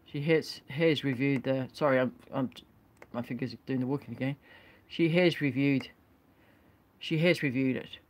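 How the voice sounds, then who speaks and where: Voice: mid-range voice, normal speed. A vlogger gives an indignant rant while reading out statistics. The speaker stumbles, restarts words and apologises while reading, and keeps calling things ridiculous. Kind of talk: ranting commentary reading statistics.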